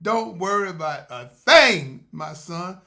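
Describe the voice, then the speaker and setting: A man voicing God, loud, slow and reassuring. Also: high-pitched, animated, creaky, heavily acted. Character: booming, soothing male voice of God.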